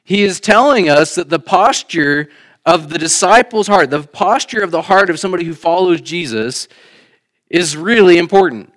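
A man preaching a sermon in a church, shifting between emphatic raised lines and quiet, conversational asides. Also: high-pitched, animated, normal speed. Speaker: pastor. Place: church sanctuary.

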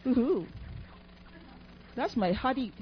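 A woman's voice: on the high side, animated, slow pace. A woman preaching a sermon in an emphatic, teacherly way, asking her listeners questions. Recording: dull lo-fi recording.

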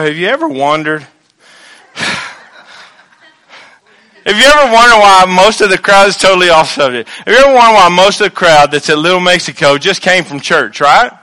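Lively high-voiced preacher. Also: male voice. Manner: animated, acts out quoted voices, swings from loud to quiet. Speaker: pastor. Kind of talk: sermon.

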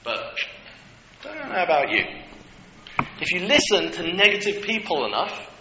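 A man preaching a sermon, animated and humorous, with asides to the congregation. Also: high voice, moderate pace. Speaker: pastor. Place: church hall. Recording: echoey hall with dull lo-fi sound and clear noise.

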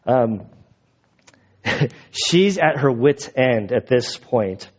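A man's voice: mid-range voice, expressive, drawn-out words, breathy edge. A man preaching a sermon in a casual, conversational way, retelling the text with asides. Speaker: pastor. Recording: dull lo-fi recording.

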